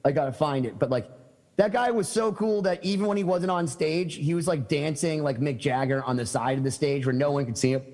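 Rambling excited man in an echoey room. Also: fairly high pitch, brisk. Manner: excited, rambling, lots of fillers and restarts. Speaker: podcast guest, musician. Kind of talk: casual storytelling chat.

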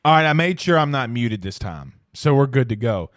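A man co-hosting a casual sports podcast, excitable and animated, jumping between quick banter and self-corrections. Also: medium pitch, dry recording, studio quality. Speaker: podcast co-host.

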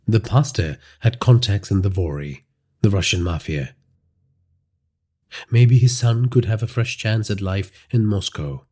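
A man with an Indian English accent narrates crime fiction in a measured, dramatic way. His voice is low, dark and husky, with a lively rise and fall. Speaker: podcast storyteller.

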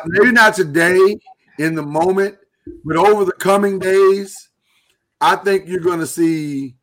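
A man hosting a live talk show, speaking earnestly and haltingly while he holds back emotion. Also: fairly high pitch, fairly bright tone. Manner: earnest, halting, with many restarts. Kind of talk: casual live-stream talk.

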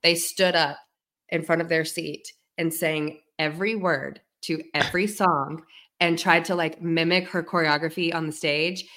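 Low-voiced woman in her thirties chatting. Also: fairly even intonation, normal speed, a bit bright. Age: 30s. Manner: chatty storytelling, many fillers. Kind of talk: casual chat.

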